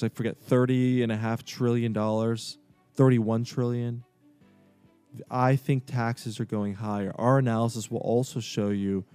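A man hosting a radio finance show, persuasively pitching a free offer and repeating the phone number slowly. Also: vocal fry, warm tone.

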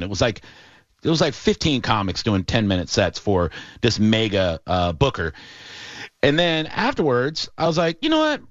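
A man hosting a sports talk show, telling a long story in a casual, animated way with lots of fillers. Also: fairly low pitch, dry recording. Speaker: radio show host. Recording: dull, lo-fi and dry.

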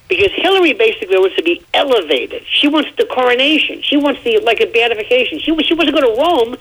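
Emphatic husky-voiced man on radio. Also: very high-pitched, fast, few pauses, low-quality recording. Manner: emphatic, rambling, animated storytelling. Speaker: radio commentator. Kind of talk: opinionated radio talk.

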